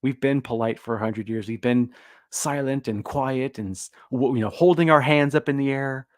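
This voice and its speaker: A man's voice: mid-range voice, moderate pace, no echo, clean studio sound. A man hosting a livestream, commenting casually in a sarcastic, joking way and now and then putting on mock voices. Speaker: host of a livestream.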